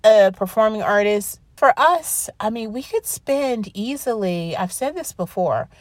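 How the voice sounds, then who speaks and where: A woman's voice: mid-range voice, animated, unhurried, dry recording. Emotional chatty woman podcast host. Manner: emotional, apologetic, chatty with many restarts. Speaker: podcast host and classical singer. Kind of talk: casual podcast talk with read-aloud quotes.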